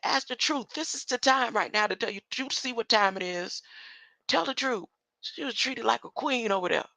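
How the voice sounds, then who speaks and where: A woman's voice: on the high side, normal speed, creaky, bright, forceful tone, dry recording, poor audio. A woman hosting a livestream, rambling through a spiritual monologue, often ending her lines with a questioning "huh?" and laughing between thoughts.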